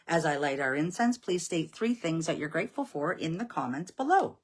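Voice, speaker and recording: A woman's voice: low-pitched, big pitch swings, brisk, few pauses, husky. A woman from Nova Scotia, leading a live devotional, reciting hymns solemnly and chatting casually with viewers. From Nova Scotia, Canada. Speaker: devotional leader. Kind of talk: live-streamed devotional prayer.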